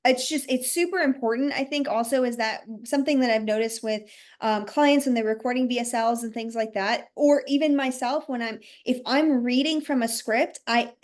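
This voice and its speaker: Woman hosting a podcast, fairly high voice, chatty, says like a lot. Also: normal speed. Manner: chatty, uses fillers like "like" and "you know". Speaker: podcast host. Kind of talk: conversational podcast talk.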